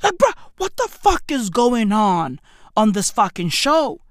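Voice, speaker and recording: A woman doing a profane comedic rant, swearing constantly, firing off rhetorical questions and swinging from shouts down to hushed whispers. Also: on the high side, sing-song, a little slow, dry recording, studio quality. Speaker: comedic ranter.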